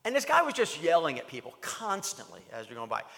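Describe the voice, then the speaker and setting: A man preaching a sermon as pastor, emphatic and animated, repeating phrases for weight. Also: fairly high pitch, fairly quick, gravelly, in a large hall.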